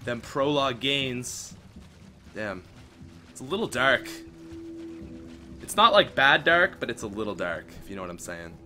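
A young man from Canada riffs through a shooter playthrough, echoing and mocking game dialogue. His pitch moves around a lot while his pace stays slow and loose. Soft game music plays underneath. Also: very animated. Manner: joking, mimics game lines. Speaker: gamer playing a shooter. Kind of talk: casual gameplay commentary.

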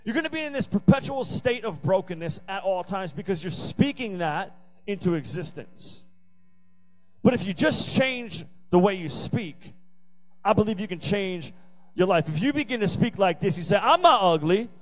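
Emphatic high-voiced youth pastor man. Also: expressive, moderate pace, a little mellow, faint music behind, low-quality recording. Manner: emphatic, repetitive, playful asides. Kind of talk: youth sermon. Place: youth service venue.

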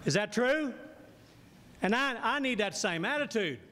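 High-voiced preacher in a reverberant church. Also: male voice, animated, moderate pace, pushed and bright. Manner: asks the congregation questions and waits for answers. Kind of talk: sermon. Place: church sanctuary. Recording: long reverb of a church hall.

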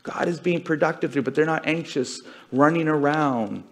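A man's voice: a little high, normal speed, fairly bright tone. A man giving a conversational sermon to a congregation, retelling a story earnestly and with feeling. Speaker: congregation speaker.

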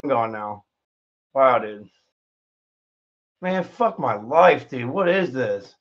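A man's voice: mid-range voice, animated, takes it slowly, highs cut off, soft background music. Swearing, ranting male streamer. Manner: profane, swears constantly; yelling outbursts. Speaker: live streamer. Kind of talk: angry stream rant.

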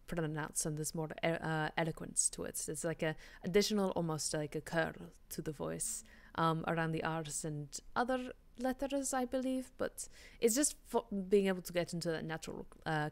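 A woman with a fairly low, creaky voice streams a video game, chatting casually with her viewers and swearing freely as she plays. She's a streamer and hobby voice actor.

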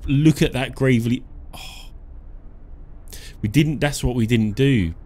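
A man's voice: mid-range voice, measured pace, mellow. A man giving casual live commentary while playing a game, joking and chuckling as he talks to himself and his chat. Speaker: live-stream gamer.

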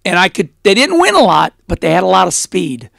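A middle-aged man as an interview guest, telling stories in a blunt, animated way and laughing often. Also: high-pitched, a little fast, vocal fry, no echo, studio quality. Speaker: interview guest, former race car driver. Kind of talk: casual storytelling interview.

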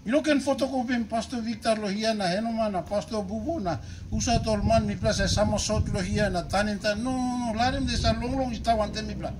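A man with a Papua New Guinean accent preaching a sermon as a bishop, emphatic and animated, swinging between loud exhortation and low, quiet asides. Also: fast, music in the background, poor audio.

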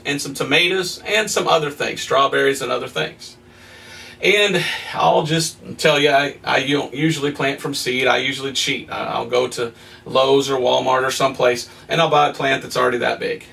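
A male evangelist teaching a sermon in a folksy, animated way, reading scripture and telling homey stories with excited exclamations. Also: on the high side, vocal fry, recorded from a distance.

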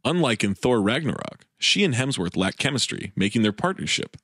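A man's voice: medium pitch, very animated, fairly quick, a bit bright, husky, no room sound, clean studio sound. A man hosting a casual movie podcast, reading out review quotes with wry, playful asides. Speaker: podcast host.

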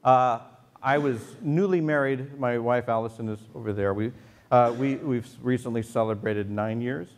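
Speaking at a moderate pace in a medium-pitched voice, a male pastor preaches to a congregation in a church sanctuary. He's conversational, joking around and telling stories.

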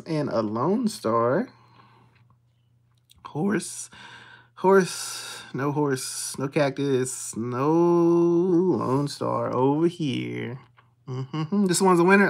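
A streamer, calling out scratch-off symbols one by one and muttering quietly while checking them. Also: mid-range voice, vocal fry. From Texas. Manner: reads symbols aloud in a steady list, dropping to hushed mutters when checking. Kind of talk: casual play-by-play of scratching tickets.

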